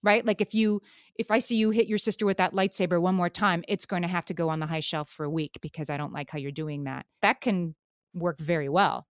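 A middle-aged woman telling parenting stories in a relaxed way, laughing easily. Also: lowish voice, a little fast, dry recording, studio quality. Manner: warm storytelling, laughs easily. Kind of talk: casual chat about parenting.

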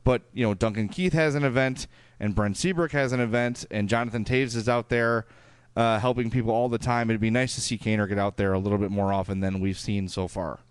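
A man's voice: fairly low pitch, fairly even intonation, a little fast, smooth, no room sound. A man with a Chicago accent co-hosting a podcast, chatting casually and reading out listener emails, with fillers and restarts. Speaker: podcast co-host.

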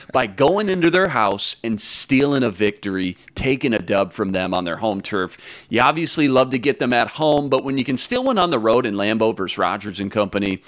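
A man co-hosting a sports talk show, talking with energetic, joking hype. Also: on the low side, no room sound.

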